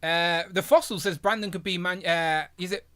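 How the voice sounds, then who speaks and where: A man's voice: high-pitched, fairly even intonation, moderate pace, sharp tone, clear, resonant tone. A man hosting a live stream in a casual, rambling way and reading out viewer messages. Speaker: host of a live toy stream. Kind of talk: casual chat.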